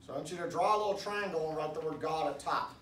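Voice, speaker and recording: A man preaching a casual sermon in a church, rambling with restarts and loud emphatic bursts. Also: a little high, fast. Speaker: pastor. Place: church hall. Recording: echoey room, distant mic, faint background noise.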